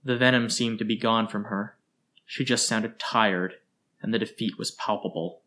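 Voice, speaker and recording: A man reading a story aloud in steady, expressive scripted narration. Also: fairly low pitch, moderate pace.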